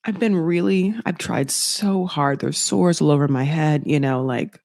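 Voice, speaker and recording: Woman doing a weary woman, self-pitying, plaintive, lowish voice. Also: measured pace, darkish tone, no room sound, studio quality. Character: weary guilt-ridden woman pleading her case.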